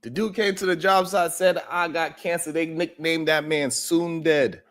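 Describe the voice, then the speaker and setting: A man's voice: a little high, steady tone, moderate pace, a bit bright. A man hosting a live-stream show, chatting casually with viewers in a loose, profane, joking way and laughing often.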